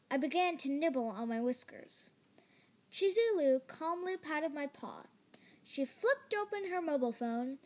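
A woman with a very high, light voice reads a children's chapter book aloud. Her storytelling is lively and expressive, in the manner of a storytime host.

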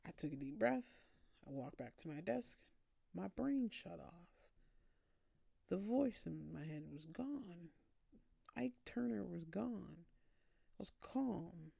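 A woman hosting her own podcast, telling a candid, rambling story and questioning herself out loud. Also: fairly low pitch, lively intonation, slow pace, creaky, long pauses, slightly rough, no room sound, studio quality. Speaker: podcast host. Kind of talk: casual solo storytelling.

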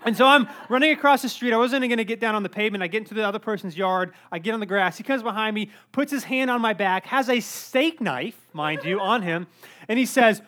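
A young man preaching in a high, light voice. He tells a story with lively, self-deprecating humor before moving into the sermon. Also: fast talker. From North Carolina, USA. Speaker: pastor.

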